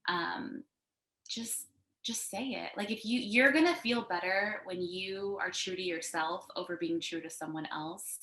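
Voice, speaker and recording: A woman co-hosting a casual panel chat from her couch over a video call, animated and talkative, with lots of "like" fillers. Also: lowish voice, measured pace, roomy sound. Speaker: co-founder and co-host of a design panel. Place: home, sitting on a couch.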